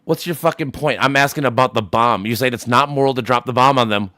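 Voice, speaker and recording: A man's voice: mid-range voice, fast, pushed and bright, no room sound. A man streaming a casual voice chat, arguing heatedly, swearing often and repeating himself as he presses his point.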